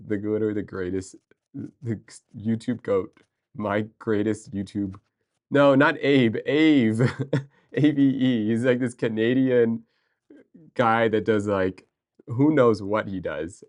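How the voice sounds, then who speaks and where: A man livestreaming, chatting casually and excitably with viewers, rambling with restarts and answering chat. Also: lowish voice.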